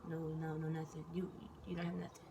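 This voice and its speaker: A young woman vlogger telling a casual story in an animated way, swearing freely and acting out what people said. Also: low-pitched, fast, vocal fry, slight background noise.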